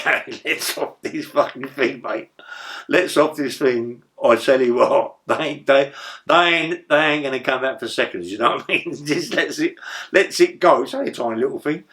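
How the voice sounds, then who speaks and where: An older man, telling rough stories in a rambling, profane way as an interview guest. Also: mid-range voice, expressive, normal speed, fairly bright tone. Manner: rambling, profane, tag questions like "yeah?". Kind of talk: storytelling in a casual interview.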